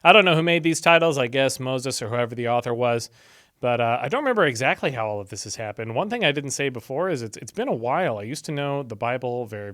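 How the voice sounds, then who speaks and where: A man's voice: medium pitch, fairly bright tone, no echo, clean studio sound. A man hosting a channel, reading scripture casually with chatty asides and tangents.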